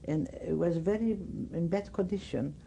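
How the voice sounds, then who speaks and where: An older woman with a Greek accent, giving oral history testimony in halting speech, often searching for words. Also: lowish voice, gravelly, warm tone, a little hiss or hum, poor audio. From Greece. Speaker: interviewee.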